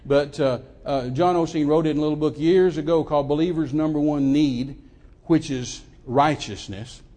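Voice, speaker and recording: An older man, preaching a sermon as a lively story, often repeating words, on a handheld mic in a church. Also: on the high side, normal speed. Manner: animated, repeats words, acts out quoted voices. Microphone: handheld microphone.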